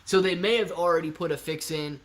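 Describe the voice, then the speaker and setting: Excitable chatty man, higher voice. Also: fairly quick. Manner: chatty and excitable, thinks out loud. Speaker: livestream host answering chat. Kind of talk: casual live-stream chat.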